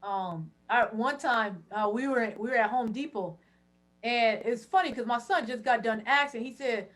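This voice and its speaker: A lively, high-voiced woman appears as a podcast guest, telling stories animatedly. She's loud, laughs a lot, and throws in quick asides.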